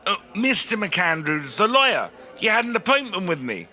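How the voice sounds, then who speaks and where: Brief: male actor as fussy, formal solicitor, high, very bright voice. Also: sing-song, normal speed, heavily acted. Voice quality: precise, formal. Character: prim, patient male lawyer. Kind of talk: comedy audio drama acting.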